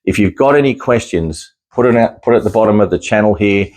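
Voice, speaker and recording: A man's voice: on the low side, fast, a little mellow. A man talking casually to camera as a psychic medium, rambling and restarting his sentences. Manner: rambling, with frequent restarts and easy chuckles. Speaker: psychic medium sharing experiences.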